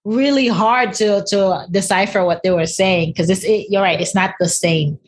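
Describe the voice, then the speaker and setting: A woman's voice: medium pitch, normal speed, poor audio. A woman from Haiti, hosting a casual interview and asking friendly, curious questions. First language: Haitian Creole. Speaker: host.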